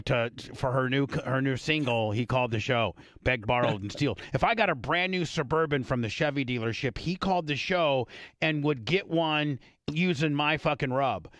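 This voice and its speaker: A man hosting a radio interview in a casual, profane and excitable way, often repeating himself. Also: mid-range voice, moderate pace. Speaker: radio show host.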